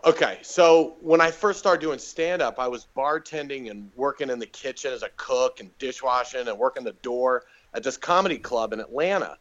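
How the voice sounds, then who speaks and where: A man's voice: mid-range voice, normal speed, hardly any pauses, muffled recording. A man, a comedian, telling stories in a casual podcast chat and acting out the people he quotes. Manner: animated storyteller doing quoted voices. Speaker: guest comedian. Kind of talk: casual storytelling.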